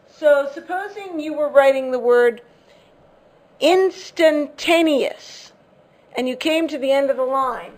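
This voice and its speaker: A woman's voice: high voice, moderate pace, few pauses. A woman English teacher giving a lesson, patiently explaining, repeating key words and checking if students follow.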